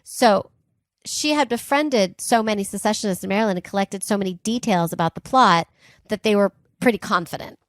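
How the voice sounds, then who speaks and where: A woman recounts a history story as a podcast co-host, speaking a little fast in a mid-range voice. Her talk is casual and lively, full of laughter and "like" and "um" asides, with clean, echo-free studio sound.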